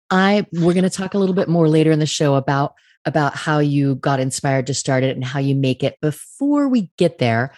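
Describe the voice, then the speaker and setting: A man hosting an interview podcast from a studio, friendly and a little halting, with frequent restarts. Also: on the high side, a little mellow, no echo. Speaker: podcast host.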